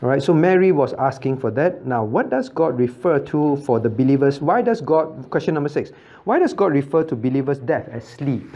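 A pastor leads a Bible study class, firing questions at his listeners and checking they follow with a quick "right?" He chuckles often as he explains. The recording is muffled and lo-fi. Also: medium pitch, expressive, dark tone. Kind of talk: interactive Bible study teaching.

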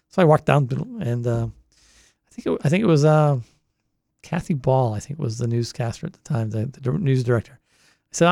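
A man's voice: mid-range voice, normal speed, gravelly, dark tone, no room sound, clean studio sound. A man in his sixties with a Boston accent, recalling his years at a college radio station in a rambling oral history interview. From Boston area. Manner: rambling storyteller, many restarts. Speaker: longtime college radio volunteer.

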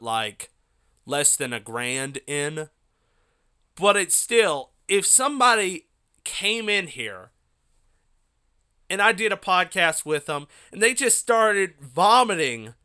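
An excitable man hosting his own podcast, telling a story casually and laughing often. His voice sits a bit high and sounds bright and smooth. He is recorded on a phone. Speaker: solo podcast host.

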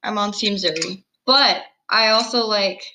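A girl in her early teens co-hosting a casual video-call chat, giggly, chatty and quick to laugh at herself. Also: mid-range voice, pushed and bright, a little hiss or hum, poor audio. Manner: giggly, chatty, self-deprecating. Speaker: co-host. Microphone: computer mic on video call.

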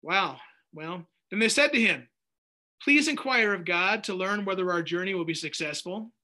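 A man teaching a Bible study in a casual, animated way, reading scripture aloud and breaking in with jokey asides. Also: high-pitched, normal speed.

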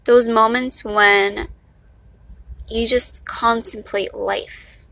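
A woman's voice: on the high side, steady tone, extremely slow, creaky, fairly bright tone, a little hiss or hum, low-quality recording. A young woman from Miami with a Miami accent and a valley-girl sound, rambling casually and poking fun at herself in a vlog. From Miami, Florida. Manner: chatty, self-mocking, loose. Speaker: vlogger.

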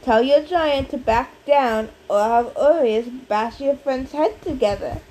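A smooth young man with a menacing, mocking calm, the villain of a storybook read aloud by a woman. His voice sits slightly high with a soft, mellow tone. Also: a little slow, low-quality recording. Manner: calm and mocking, snapping into fury.

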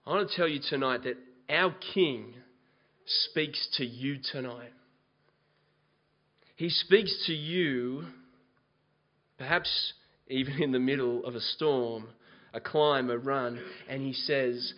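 A man preaching a sermon, moving from quiet scripture reading to loud, impassioned exhortation. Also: mid-range voice, slow, pauses often, lo-fi sound. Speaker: pastor.

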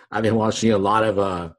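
A man's voice: lowish voice, fairly even intonation, normal speed. A man co-hosting a podcast, laid-back and chatty, laughing often and filling his talk with "like". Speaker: podcast co-host. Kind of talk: casual podcast chat.

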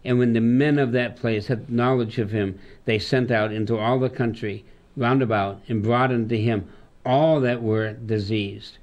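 A man, a pastor, talking through a Bible passage with a colleague and reading verses aloud slowly in old-style wording. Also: mid-range voice, steady tone, darkish tone. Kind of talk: conversational Bible discussion.

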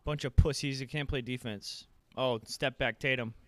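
A young man giving casual, profane play-by-play as a fan while watching a game, bursting into excited shouts. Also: mid-range voice, normal speed, no echo.

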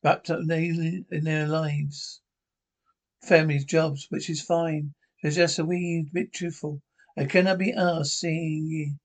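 A man's voice: fairly high pitch, flat delivery, takes it slowly. An actor playing a lonely Scottish man in his seventies, rambling wistfully about a son who let him down, in a sitcom. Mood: rueful. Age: 70s. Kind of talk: sitcom acting.

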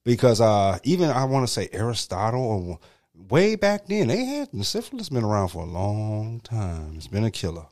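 A laid-back man co-hosts a casual talk show, his voice moving lively up and down in pitch. He mostly answers with short exclamations and quick reactions. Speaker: podcast co-host. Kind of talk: casual chat.

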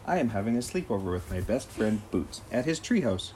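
A man's voice: lowish voice, very animated, fairly quick, darkish tone, a little hiss or hum. Man reading a kids' storybook aloud. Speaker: storybook reader.

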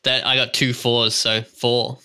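A man's voice: mid-range voice, flat delivery, a little slow, pushed and bright, smooth. A man playing a tabletop game, playful and a little hesitant as he asks about the rules. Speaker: player.

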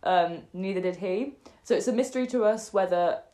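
A woman's voice: mid-range voice, moderate pace. Young woman telling a story. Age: young adult. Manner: animated storyteller, acts out quoted voices, many fillers. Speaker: podcast co-host. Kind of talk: casual storytelling chat. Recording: echoey room.

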